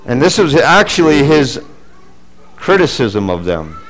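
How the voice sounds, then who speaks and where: A middle-aged man preaching a sermon as pastor, earnest, rising for emphasis and dropping low and quiet for asides. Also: sing-song, unhurried, rough recording.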